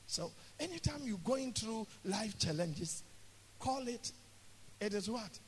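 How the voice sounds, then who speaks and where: High-voiced preacher, booming then hushed. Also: male voice, expressive, slow, slight background noise. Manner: swings from shouting to hushed, call-and-response with the congregation. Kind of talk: sermon. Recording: echoey hall.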